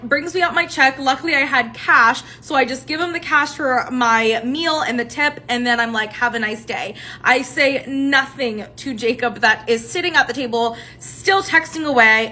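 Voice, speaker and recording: A young woman telling a dating story to camera, animated and sarcastic, acting out each person's lines. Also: sits high, a little hiss or hum. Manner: animated, sarcastic, acts out both sides of the dialogue. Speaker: TikTok storyteller.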